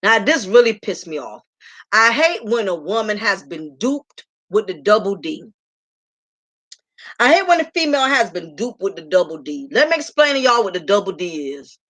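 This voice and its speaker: A woman's voice: mid-range voice, very animated, normal speed, fairly bright tone. A woman hosting a live show, telling a story to her audience in a brash, profane, sassy way. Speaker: host.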